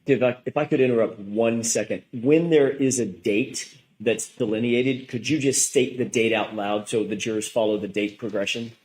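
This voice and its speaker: A man in a courtroom breaks in with polite, procedural requests, courteous and to the point. His voice sits at an ordinary middle pitch for a man, and he speaks calmly and formally. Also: moderate pace, poor audio.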